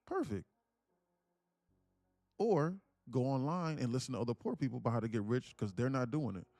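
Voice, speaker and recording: A man hosting a live day-trading stream, preaching emphatically and repeating himself as he pitches memberships. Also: fast, warm tone, no room sound. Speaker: day-trading livestream host.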